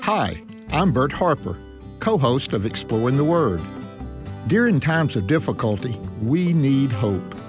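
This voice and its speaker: A man co-hosting a radio show, reading a scripted promo in an earnest, measured way. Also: medium pitch, very animated. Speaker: radio co-host. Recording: promo with guitar music behind. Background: guitar music.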